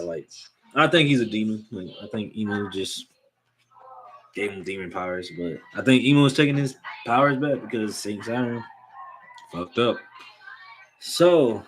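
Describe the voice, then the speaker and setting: A young man casually recapping a manga chapter, excitable and slangy, reading out the characters' lines as he goes. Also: fairly low pitch, poor audio.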